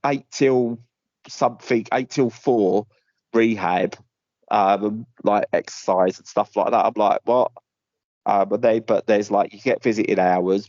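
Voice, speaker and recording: A man co-hosting a podcast in casual chat, talking from a hospital room and rambling through animated stories. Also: fairly low pitch, dry recording, lo-fi sound. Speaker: podcast co-host.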